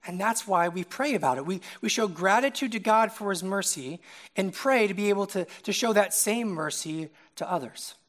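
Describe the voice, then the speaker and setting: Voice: medium pitch, expressive, normal speed. A young adult preacher giving a casual, conversational sermon, often checking in with the listeners by asking "right?".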